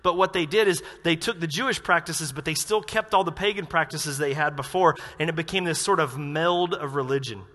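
A pastor preaching a sermon to his church, animated, acting out quotes with sudden loud outbursts. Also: a little high. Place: church auditorium. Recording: reverberant church hall.

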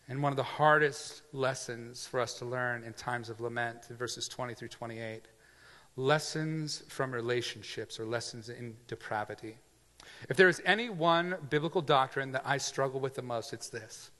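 A man preaching a sermon in a casual, conversational way, moving from loud emphasis to quiet asides. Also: mid-range voice, moderate pace, long reverb tail. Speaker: pastor.

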